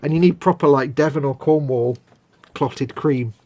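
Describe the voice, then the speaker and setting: A man's voice: fairly high pitch, normal speed. A man chatting casually and jokily while playing a game on stream, rambling from one tangent to the next. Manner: rambling, jokey, animated. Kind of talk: casual chat over gameplay.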